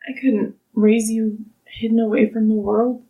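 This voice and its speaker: A woman voicing a gruff, remorseful male orc father in a tabletop game. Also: a little high, level tone, unhurried, narrow, tinny audio. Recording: roomy, distant mic.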